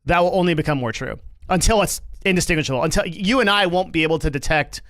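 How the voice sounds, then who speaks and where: A man's voice: a little high, fast talker, a bit bright, dry recording. A man hosting a business livestream, talking in a loose, rambling, casual way and swearing freely. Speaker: livestream host.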